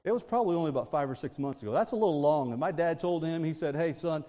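A man delivers a sermon full of family anecdotes and asides, often breaking into laughter. His voice sits a little higher than most men's. A long reverb trails each phrase, as in a large church. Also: fast, dark tone. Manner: storytelling with frequent laughs and asides. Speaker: preacher.

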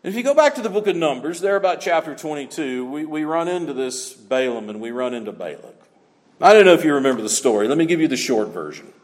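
Man, preacher, emphatic sermon, lively swinging pitch, long hall reverb. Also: quick pace. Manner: emphatic, repeats key phrases.

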